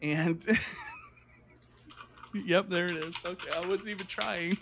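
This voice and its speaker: A man telling a lively story in casual chat, full of "like" and acted-out voices. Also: high-pitched, slow, noisy background. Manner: animated, fillers of "like", acts out voices.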